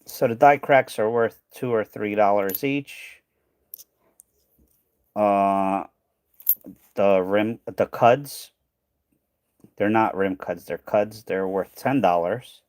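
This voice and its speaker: A man with a fairly low, darkish voice speaks slowly and often pauses, with no room sound. As host of a coin hunting channel, he chats casually while sorting coins on a livestream, thinking out loud, trailing off, weary and hoarse.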